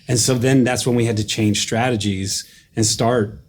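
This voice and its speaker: A man's voice: mid-range voice, fairly even intonation, normal speed, a little mellow, a little hiss or hum. A man in his forties, a guest telling a story in a casual interview, emphatic and repeating words for effect. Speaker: guest, former boy band member.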